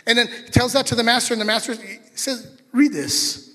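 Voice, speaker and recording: Male pastor, high bright voice, lively sermon delivery, long hall reverb. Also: brisk. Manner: animated, chatty asides to the congregation.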